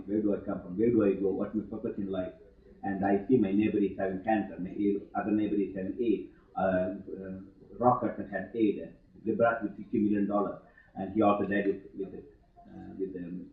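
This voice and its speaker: A middle-aged man giving a spiritual talk to students, halting and full of fillers, with sudden emphatic stresses. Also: fairly low pitch. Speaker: yoga teacher giving a talk. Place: ashram hall. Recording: old archive tape, echoey hall, tinny thin sound.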